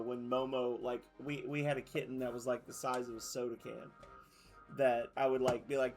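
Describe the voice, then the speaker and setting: Male streamer, casual chat, rambling, swearing, mid-pitched voice, faint music behind. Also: flat delivery, brisk. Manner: rambling, swearing, laughing at his own stories. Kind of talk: casual chat while playing a game.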